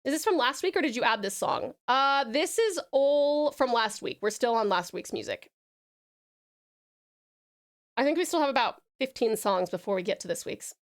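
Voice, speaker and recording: Speaking at a moderate pace in a fairly high, animated voice, an Australian woman hangs out with her live stream audience. She reads out chat messages, addresses people as darling and sweetheart, and shows off purring and rolled R's.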